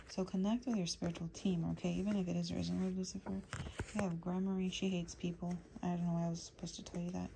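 A woman reads tarot for her viewers in a low, level voice, talking quietly and now and then dropping to a whisper. She rambles from one message to the next and reels off lists of names as they come to her. A faint hiss of noise sits under the recording. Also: vocal fry. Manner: low, hushed delivery drifting into whispers. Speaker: tarot reader. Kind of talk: channeled tarot reading to viewers.

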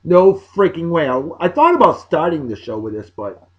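A man's voice: on the high side, huge pitch swings, normal speed, dull audio. A man, hosting a casual beer-review vlog in a boisterous, joking, rambling way. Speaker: host.

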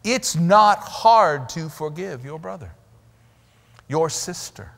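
A male pastor delivers an animated sermon with a fairly high voice and a very lively melody. He drives his points with sudden loud stresses. His voice carries a long reverb from the church hall. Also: slow, creaky. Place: church sanctuary.

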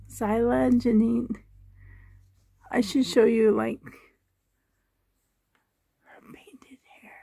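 A woman talks slowly and gently, her voice a little on the high side, recorded dry and close on a handheld camera in her bedroom. She is soft-spoken and doting, and often slips into a whisper. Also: vocal fry, no echo. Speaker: doll collector vlogger. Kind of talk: casual show-and-tell chat. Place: home bedroom.

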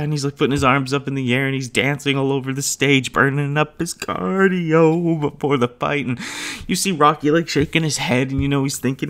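A man's voice: medium pitch, steady tone, fairly quick, a bit bright. Rambling chatty man reviewing a movie. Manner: rambling, filler-heavy, laughs often while retelling. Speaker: podcast host. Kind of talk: casual movie review chat.

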